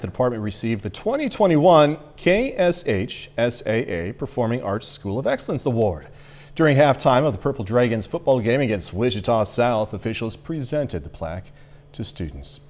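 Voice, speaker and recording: A man anchoring a local evening newscast, reading stories with lively delivery and joking asides. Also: medium pitch. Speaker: news anchor.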